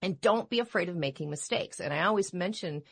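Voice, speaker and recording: A woman voice-over coach and radio personality in casual chat, expressive and jokey. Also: fairly low pitch, brisk, husky.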